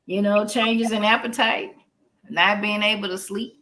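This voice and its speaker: A woman's voice: mid-range voice, fairly even intonation, a little slow, sharp tone. Down-to-earth woman therapist, joking. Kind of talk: casual podcast conversation.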